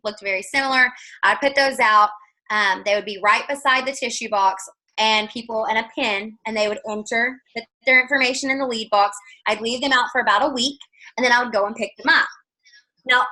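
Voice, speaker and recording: Bright-voiced chatty woman. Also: fairly high pitch, poor audio. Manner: chatty, animated storytelling with quoted dialogue. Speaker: guest speaker. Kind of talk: casual storytelling on a video call. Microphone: video call.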